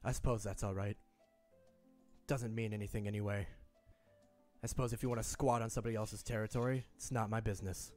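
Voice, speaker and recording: A man voicing a stern, contemptuous male commander who speaks slowly and low. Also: fairly even intonation, darkish tone, faint music behind, close to an everyday voice. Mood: dismissive. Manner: slow, measured, low and clipped.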